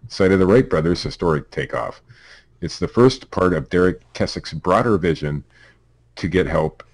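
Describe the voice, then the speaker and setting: A man with a very low voice and a Pennsylvania accent reads news stories aloud on a casual podcast. He trips over words, laughs and drops wry asides as he goes. The sound is dry and close, with no room around it. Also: animated, normal speed, dry recording. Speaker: podcast co-host reading news.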